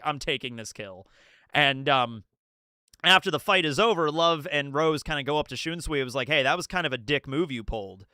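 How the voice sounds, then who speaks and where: A man on a live stream, rambling excitedly through a manga chapter breakdown, laughing often and acting out quotes. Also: medium pitch, clean tone, no echo, clean studio sound. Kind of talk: casual live-stream commentary.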